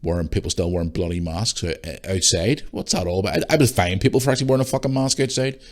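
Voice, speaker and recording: A man's voice: low voice, fast, a little mellow. A middle-aged Northern Irish man hosting a solo podcast, ranting bluntly and swearing freely, tired and yawning. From Northern Ireland. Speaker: podcast host. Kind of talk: casual solo podcast chat.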